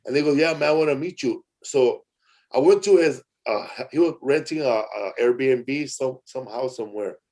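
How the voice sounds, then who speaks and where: A man's voice: medium pitch, normal speed, a little mellow. A middle-aged man hosting a podcast, telling rambling stories in a loose, slangy way full of "bro" and "man". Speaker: podcast host. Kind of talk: casual storytelling chat.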